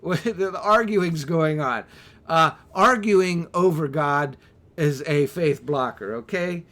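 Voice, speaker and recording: A man preaching a Bible teaching sermon on a livestream, animated, with asides and rhetorical questions. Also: a little high, slow pace. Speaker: pastor.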